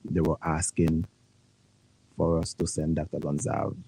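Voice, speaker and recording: A man's voice: rumbling low, little pitch movement, a little slow, creaky, warm tone, breathy edge, rough recording. A man with a Vincentian accent on morning talk radio, speaking hesitantly and stumbling over words. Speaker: radio talk show co-host.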